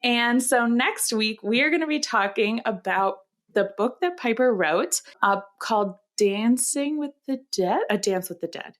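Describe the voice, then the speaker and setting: A woman co-hosting a podcast in casual chat, musing aloud at an unhurried pace and trailing off with fillers and restarts. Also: fairly high pitch, animated. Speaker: podcast co-host.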